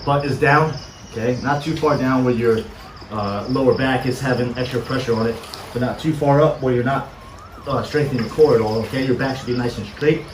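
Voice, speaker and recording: A man coaching a boxing cardio workout live, energetic and urging the viewer on with short commands. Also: medium pitch, fairly quick. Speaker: fitness coach. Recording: far-off mic with echo and insect noise.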